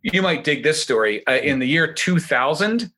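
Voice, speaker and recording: A man's voice: fairly high pitch, moderate pace. A middle-aged man telling a story in casual chat, acting out the voices of the people he quotes. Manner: animated, acts out quoted voices.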